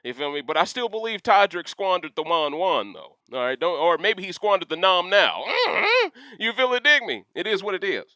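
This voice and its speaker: A young man hosting a casual livestream rant, reading chat questions aloud and talking in an animated, slangy way full of asides. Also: sits high, normal speed, clear, resonant tone, no room sound. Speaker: livestream host.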